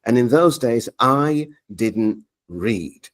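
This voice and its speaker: A man's voice: mid-range voice, takes it slowly. A man, a media coach telling his story in an interview and acting out the dialogue. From Leeds, England. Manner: animated storyteller, acts out quoted dialogue.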